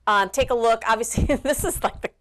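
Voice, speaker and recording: A woman hosts a political talk show in a chatty, rambling way. Her voice sits a little high, and she leans on fillers as she goes. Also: a little fast, fairly bright tone. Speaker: host. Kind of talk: casual political commentary.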